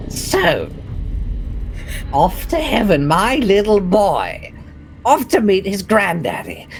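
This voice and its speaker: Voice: medium pitch, huge pitch swings, slow pace, gravelly, faint music behind, pitched above the performer's own voice, exaggerated voice. A game master voicing Baba Yaga, a gigantic rotting old witch who teases and cackles slyly. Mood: mocking. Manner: cackles, teasing and sly.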